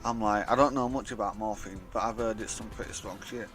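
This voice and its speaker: A man's voice: fairly low pitch, steady tone, brisk, a bit bright, soft background music. A young man telling a rambling, blunt, sweary story in a casual vlog. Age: young adult. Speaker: vlogger.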